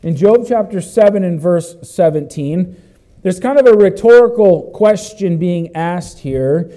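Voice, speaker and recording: Animated high-voiced male preacher. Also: measured pace. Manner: expository preaching, bursts of loud exclamation. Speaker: pastor. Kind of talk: sermon.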